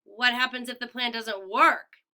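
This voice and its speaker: A woman voicing a sharp young girl who speaks in a dry, sardonic way. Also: fairly high pitch, steady tone, a little slow, smooth.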